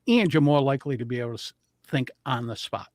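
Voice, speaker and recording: A man who coaches public speaking, talking as a guest and explaining voice and breathing techniques with animated demonstrations. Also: mid-range voice, fast, dry recording, clean studio sound. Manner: animated, demonstrates vocal intonation.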